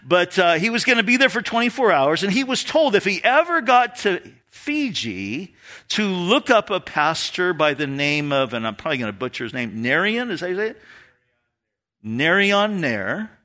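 A man's voice: high-pitched, brisk. A man pastor preaching a sermon and telling stories with laughter. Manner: storytelling, animated, laughs at his own stories.

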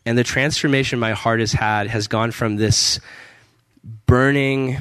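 A man's voice: mid-range voice, steady tone, unhurried, fairly bright tone, clear, resonant tone, dry recording. Earnest young man sharing testimony. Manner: casual and earnest, many fillers and restarts, laughs often. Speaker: missionary speaker. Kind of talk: personal testimony at a church service. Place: church service with a band.

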